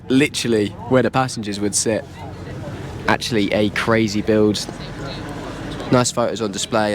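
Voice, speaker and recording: This is a low-ish male voice with background noise behind it. He's walking an outdoor car show and giving chatty, slang-filled commentary, clearly excited even though his voice is getting slightly hoarse.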